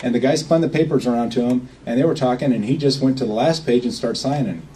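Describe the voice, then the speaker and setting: A man speaks to a small gathering in a loose, folksy way and keeps asking if everyone follows. His voice is dark and mellow. He sits well back from the microphone. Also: mid-range voice, fast, far from the mic, a little hiss or hum, rough recording. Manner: rambling, folksy, checks in with "okay?". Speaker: speaker at a meeting. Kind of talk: informal talk to a small group.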